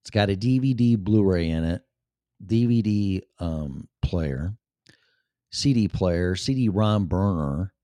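A man's voice: low-pitched, expressive, slow, warm tone, no echo. A man with a Chicago accent hosting his show in a rambling, profane, offhand monologue. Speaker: show host. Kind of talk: casual livestream monologue.

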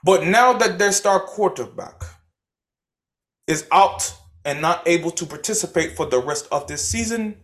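A young man co-hosting a casual sports podcast, talking in a mock-formal, wordy analyst style. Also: fairly high pitch. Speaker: podcast co-host.

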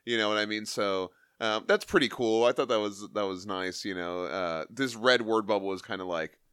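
A man's voice: on the low side, moderate pace, fairly bright tone, clean tone, no echo, clean studio sound. A man co-hosting a comic book podcast, chatting loosely with many fillers and reading quoted lines with flair. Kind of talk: casual chat, reading comic dialogue aloud.

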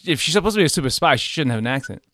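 A quick, blunt man chats casually, a non-native speaker with a matter-of-fact, joking edge. His voice sits close to the mic in a dry space. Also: a little high, expressive, fairly bright tone, no echo. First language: not English. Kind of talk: casual chat.

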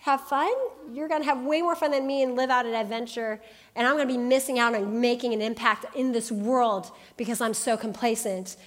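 A woman in her thirties preaching a sermon, telling a personal story with lively, animated quoted voices. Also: fairly high pitch, a little fast. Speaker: pastor.

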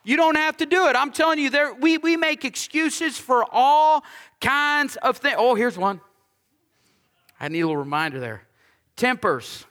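A man preaching a sermon as pastor, conversational and lively, with humorous asides and repeated lines for emphasis. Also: very high-pitched, normal speed, smooth, long reverb tail.

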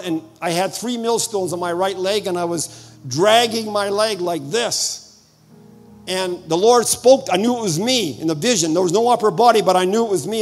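An older man preaching a sermon, telling personal stories with animated retelling of dialogue and sudden loud bursts. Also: high voice. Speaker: visiting preacher.

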